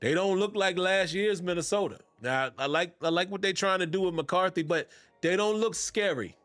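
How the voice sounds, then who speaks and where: A man's voice: sits high, normal speed, fairly bright tone, no room sound, soft background music. A man hosting a sports fan podcast, talking casually with easygoing slang and frequent laughs. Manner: laid-back Southern-tinged slang, laughs often. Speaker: podcast host.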